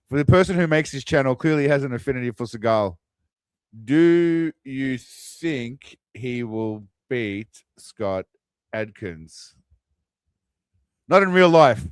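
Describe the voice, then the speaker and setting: Male stream host, mid-pitched, rambling chat on a dry close mic. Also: clear, resonant tone, no room sound. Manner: rambling, chatty, with restarts and laughs. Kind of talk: casual stream commentary.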